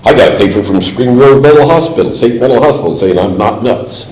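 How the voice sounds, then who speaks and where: A man's voice: medium pitch, lively intonation, a little fast, darkish tone, slight background noise. A middle-aged man giving a humorous talk at a recovery meeting, telling his story with put-on voices. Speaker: AA speaker. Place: meeting hall. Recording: echoey hall recording.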